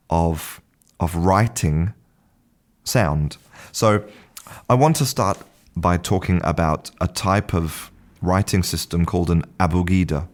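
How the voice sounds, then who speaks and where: A man hosting a podcast lesson, explaining in a chatty, informal way with frequent restarts and repeated words. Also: low voice. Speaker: podcast host, English teacher. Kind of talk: casual spoken lesson. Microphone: podcast microphone.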